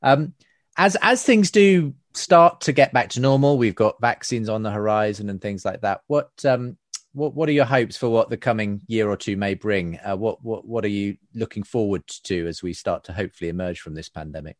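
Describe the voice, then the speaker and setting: A man's voice: on the low side, normal speed, dry recording, studio quality. A man, hosting a podcast interview in a friendly, conversational way. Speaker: podcast host. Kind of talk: casual interview chat.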